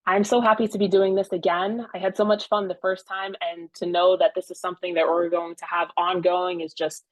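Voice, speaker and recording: A woman hosting a podcast, telling stories in an animated, emphatic way. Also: lowish voice, a little fast, dry recording, poor audio. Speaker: podcast host. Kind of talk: casual podcast chat.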